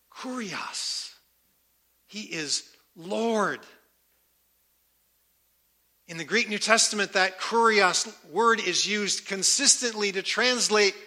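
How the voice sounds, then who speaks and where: A man preaching a sermon, emphatic and repeating key words with slow, deliberate stress. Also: sits high, pushed and bright. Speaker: pastor.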